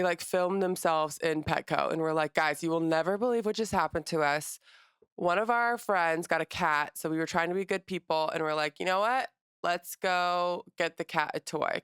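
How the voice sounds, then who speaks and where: A young adult woman co-hosting a casual podcast, retelling stories quickly with lots of quoted reactions. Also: on the low side, a bit bright, clear, resonant tone, no echo, clean studio sound. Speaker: podcast co-host. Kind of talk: casual chat.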